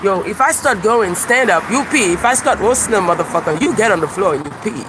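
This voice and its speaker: A man live-streaming outdoors by a busy street, rambling through a profane, animated monologue and laughing at his own jokes. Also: sits high, fairly quick. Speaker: YouTube livestreamer and self-described comedian. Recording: outdoor street traffic noise. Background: passing cars and birdsong.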